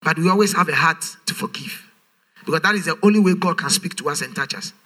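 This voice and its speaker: A man's voice: fairly high pitch, fast, sharp tone. A man preaching a sermon, emphatic and full of rhetorical questions, his voice rising in a sing-song way. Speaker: pastor.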